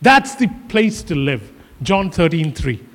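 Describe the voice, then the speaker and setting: High-voiced man preaching in a reverberant hall. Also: sing-song, a little slow. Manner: earnest, repeats phrases for emphasis. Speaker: pastor. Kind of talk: sermon.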